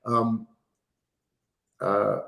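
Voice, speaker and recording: A man's voice: on the low side, drawn-out words, gravelly, reverberant. A man, an actor guest telling stories in a casual interview with lots of fillers. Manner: animated storyteller, many fillers. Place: remote video call.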